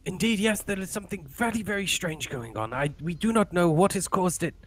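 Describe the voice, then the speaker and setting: A man's voice: high voice, animated, brisk, a little hiss or hum. A man voicing a frightened old town elder. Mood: worried pleading. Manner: pleading, anxious, stammering.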